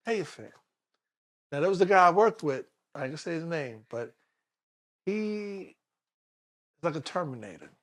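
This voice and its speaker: Animated high-voiced man telling police stories. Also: moderate pace, long pauses. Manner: animated storyteller acting out quotes with laughs. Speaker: guest, former police detective. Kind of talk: casual storytelling interview.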